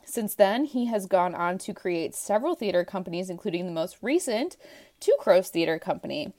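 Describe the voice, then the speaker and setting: A woman hosting a relaxed podcast with a mid-range voice. She laughs easily and moves between playful questions and a read introduction. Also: medium pitch, moderate pace. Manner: giggly, reads guest intro. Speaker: podcast host. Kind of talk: casual podcast chat.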